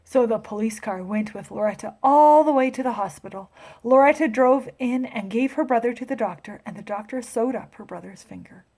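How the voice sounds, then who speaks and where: A woman teacher reading a picture book aloud to children, with expressive storytelling. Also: fairly high pitch, a little fast.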